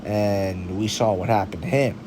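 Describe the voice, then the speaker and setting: A man's voice: lowish voice, fairly even intonation, a little slow, background noise. A man giving casual, argumentative opinion commentary on combat sports, full of slang and rhetorical questions. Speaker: MMA commentary host.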